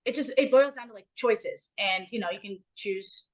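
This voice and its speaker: A woman's voice: medium pitch, moderate pace, poor audio. A woman co-hosting a casual podcast chat, talking in an emphatic, motivational way and swearing casually. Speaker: podcast co-host.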